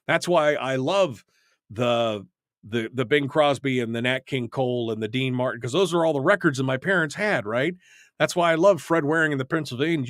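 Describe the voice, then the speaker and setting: A man's voice: medium pitch, dry recording, clean studio sound. Man hosting a call-in radio show. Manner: reminiscing, halting with repeated restarts. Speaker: radio talk show host. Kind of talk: casual call-in radio chat. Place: radio studio.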